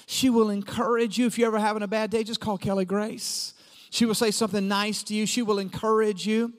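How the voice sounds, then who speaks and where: Middle-aged male pastor, high voice, lively conversational sermon, big hall reverb. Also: a little fast. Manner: lively and conversational, acting out quotes in a raised voice. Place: church auditorium. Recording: long reverb of a large hall.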